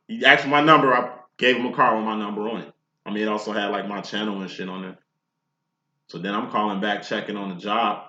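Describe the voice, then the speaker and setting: A man's voice: on the low side, bright, forceful tone. A man giving a casual tarot reading, talking in a blunt, profane, preachy way. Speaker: tarot reader. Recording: echoey room, dull lo-fi sound.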